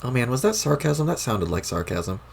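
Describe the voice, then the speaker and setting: A man's voice: mid-range voice, sing-song, moderate pace, creaky, a little hiss or hum. A man voicing a smug, scheming young female troll while reading a webcomic aloud, with a mocking tone.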